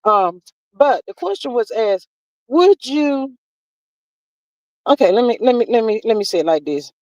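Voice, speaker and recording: A woman with a fairly high voice hosts a relaxed livestream, talking with her viewers in a homespun, familiar way. She calls her listeners "child" and "honey" and drags out words to stress them. Her voice sits close and dry, with no room sound. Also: measured pace, no echo, low-quality recording. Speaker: livestream host. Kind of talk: casual livestream chat, reading viewer comments.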